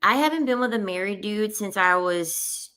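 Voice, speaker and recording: A woman's voice: medium pitch, animated, normal speed, bright, forceful tone, smooth. A woman in her thirties giving blunt, emphatic opinions in a casual commentary, often repeating her points. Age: 30s. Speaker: online commentator.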